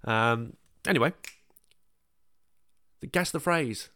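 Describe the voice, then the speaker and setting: A man's voice: mid-range voice, lively intonation, takes it slowly, sharp tone. A man with a northern English accent hosting a casual podcast chat, self-deprecating and full of ums. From northern England. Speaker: podcast host.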